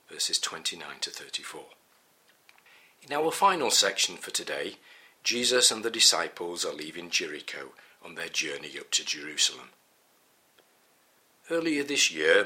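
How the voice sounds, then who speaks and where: A middle-aged man reading a Bible teaching in a measured, earnest way. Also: low voice, pushed and bright. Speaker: preacher.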